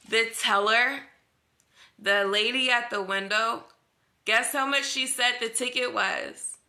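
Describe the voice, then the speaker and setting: Slow, bright-voiced young woman telling a story. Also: mid-range voice. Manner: animated retelling, acts out dialogue, filler-heavy. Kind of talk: personal storytime vlog.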